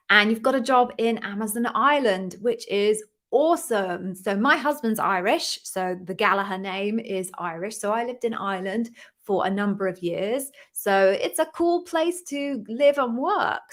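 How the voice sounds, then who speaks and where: Woman host, live-stream Q&A, encouraging and upbeat coach, middle pitch. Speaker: interview coach hosting a live Q&A.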